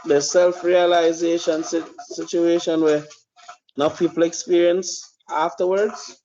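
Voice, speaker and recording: A man's voice: a little high, little pitch movement, measured pace, warm tone, slight background noise. A man giving blunt, profane opinionated commentary as a podcast host. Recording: dull lo-fi recording.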